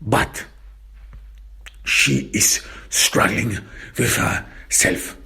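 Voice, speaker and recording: A man narrating a first-person detective story, slow, halting and reflective. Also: lowish voice, gravelly, pushed and bright, breathy edge.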